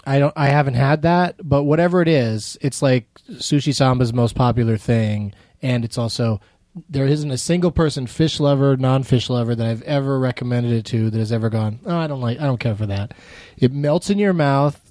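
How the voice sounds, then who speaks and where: A man's voice: mid-range voice, moderate pace, a little mellow, no room sound. Co-host, a man who rambles and restarts his sentences, dry humor, close dry sound. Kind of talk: casual chat.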